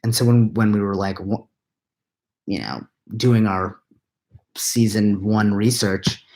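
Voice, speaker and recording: A tired man, likely in his thirties, answering live chat questions into a laptop at home at night, keeping his voice hushed and rambling with quiet self-mocking laughs. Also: fairly low pitch, takes it slowly. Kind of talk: late-night live chat Q&A, half-whispered. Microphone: laptop mic.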